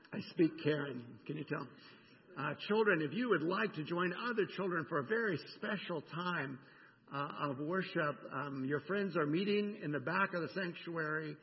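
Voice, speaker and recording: A man pastor preaching a sermon in a conversational, animated way, often checking in with the congregation. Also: on the high side. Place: church sanctuary. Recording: dull sound with long church reverb.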